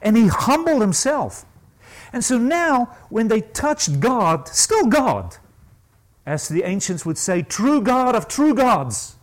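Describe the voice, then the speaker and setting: High, animated male preacher. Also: takes it slowly, low-quality recording. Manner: emphatic, swings from low asides to high ringing stresses; asks the congregation questions. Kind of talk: sermon.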